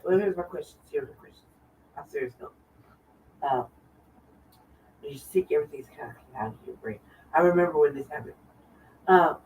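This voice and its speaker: A woman's voice: lowish voice, darkish tone. Southern lady rambling on a livestream, sounds far off the mic, bit of noise behind. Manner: rambling, repeats herself. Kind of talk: casual livestream chat.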